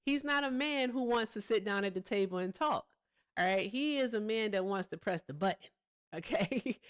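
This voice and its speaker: A woman hosts a casual political commentary livestream in a smooth, clear voice at a middle pitch. She talks bluntly and swears freely, breaking off now and then to chat with her viewers. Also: expressive, normal speed. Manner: blunt, profane, chats with viewers between points. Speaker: livestream host.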